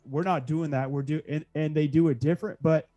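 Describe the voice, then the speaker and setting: Mellow-voiced man over faint music. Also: a little high, steady tone, fairly quick, muffled recording. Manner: agreeable, stammering restarts, dry jokes. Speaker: co-host. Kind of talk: casual podcast chat.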